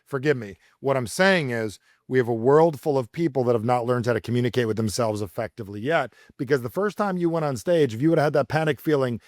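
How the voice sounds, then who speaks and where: A man's voice: mid-range voice, quick pace, hardly any pauses, no room sound, clean studio sound. A man, a communication coach, telling stories energetically as a podcast guest and acting out the voices he quotes. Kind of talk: podcast interview.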